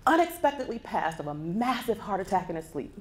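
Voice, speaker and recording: A woman's voice: medium pitch, fairly quick. A woman in her forties giving a motivational keynote speech, telling a personal story and speaking straight to the audience. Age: 40s. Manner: animated storytelling, addresses the audience directly. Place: conference hall before a live audience. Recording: echoey hall with faint background noise.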